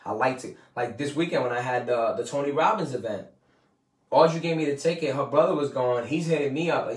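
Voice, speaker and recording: A man's voice: medium pitch, a little fast. A man hosting a podcast, giving a casual, profane motivational talk, rambling and emphatic and quoting people in put-on voices. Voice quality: swears freely, slangy street talk. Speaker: podcast host. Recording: roomy and distant from the mic.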